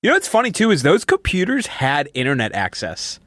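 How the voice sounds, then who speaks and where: A man's voice: on the high side, huge pitch swings, fairly quick, a bit bright, no room sound, clean studio sound. A man co-hosting a casual podcast, laid-back and swearing easily. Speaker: podcast co-host.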